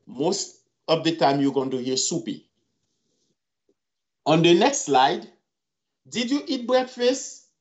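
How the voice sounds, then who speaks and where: Slow, patient man teaching words. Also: on the high side, lo-fi sound. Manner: slow, repeats each word several times. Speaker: language teacher. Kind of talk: slide-based language lesson. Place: home video call.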